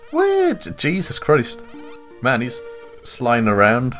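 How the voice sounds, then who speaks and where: A man's voice: mid-range voice, wildly swooping pitch, very slow, long pauses, a bit bright, faint music behind. A man giving jokey, casual commentary over a game he is playing, swearing offhandedly. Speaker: let's play commentator.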